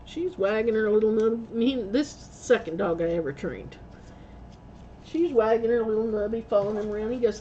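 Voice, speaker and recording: A woman's voice: on the high side, lively intonation, moderate pace, warm tone, dull audio, a little hiss or hum. A woman vlogger telling rambling stories in a casual way, laughing often and correcting herself as she goes. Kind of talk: casual storytelling.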